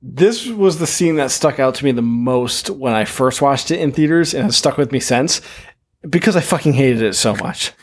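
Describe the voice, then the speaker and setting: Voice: mid-range voice, lively intonation, moderate pace, husky. A podcast co-host in casual chat, complaining about a horror film with swearing and exasperation. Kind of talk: casual movie review chat.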